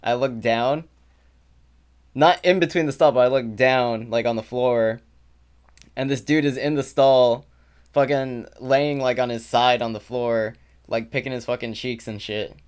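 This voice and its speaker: A young man co-hosting a podcast, telling an animated, profane story full of fillers in casual chat. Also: medium pitch, measured pace, clear, resonant tone. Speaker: podcast co-host.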